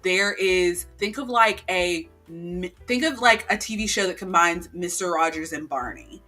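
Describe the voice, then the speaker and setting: On a laid-back chat podcast, a woman co-host tells a story in an animated way, packing it with fillers and performing the quotes. Her voice is on the low side and a little slow, with faint music behind.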